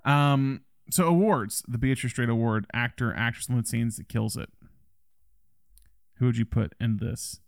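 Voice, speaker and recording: A man's voice: mid-range voice, normal speed, vocal fry, no echo, studio quality. A man co-hosting a film podcast, talking casually and rambling with restarts. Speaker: podcast host.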